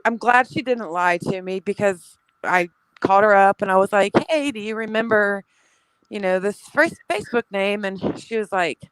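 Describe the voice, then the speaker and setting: A woman with a smooth, clear voice talks in a casual, frank way on a live stream. She sounds reassuring and forgiving, and her voice is dry and close. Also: mid-range voice, moderate pace, dry recording, low-quality recording.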